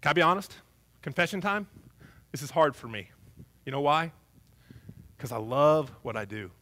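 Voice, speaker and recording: Animated, joking male pastor preaching. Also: fairly high pitch, normal speed. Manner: humorous, animated, conversational preaching. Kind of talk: sermon. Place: church, before a congregation.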